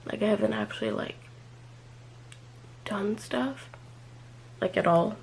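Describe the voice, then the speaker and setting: A young woman talks through a personal confessional vlog, pausing often and stringing her thoughts together with "like". Her voice has a gravelly fry, and a faint hum sits under the recording. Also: mid-range voice, rough recording. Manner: hesitant, filler-heavy, many "like"s and trailing off. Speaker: vlogger.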